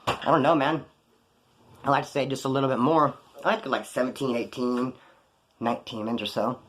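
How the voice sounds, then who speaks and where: A man's voice: mid-range voice, a little fast, slight background noise. A man telling stories from prison in a casual, slangy way, acting out the lines of the people in them. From California. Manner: slangy, animated, acts out other people's lines. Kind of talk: casual storytelling to camera.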